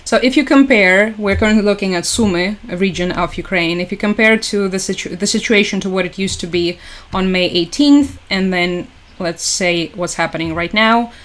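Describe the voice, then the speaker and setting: A woman's voice: medium pitch, moderate pace. A woman hosting a casual livestream from home, chatty and sarcastic, laughing often. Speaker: livestream host. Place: at home with her dog.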